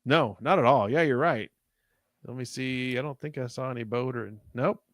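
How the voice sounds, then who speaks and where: A man co-hosting a live podcast, reading a gamebook aloud in a relaxed way and talking to the chat. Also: mid-range voice, normal speed, no echo, studio quality. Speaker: podcast co-host. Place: live online show.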